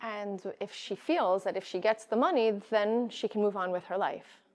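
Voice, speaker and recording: A middle-aged woman leads a relaxed Torah class. She talks in a loose, conversational way, often restarting her sentences and dropping in Hebrew words. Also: mid-range voice, normal speed. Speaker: Torah teacher. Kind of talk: informal class lecture.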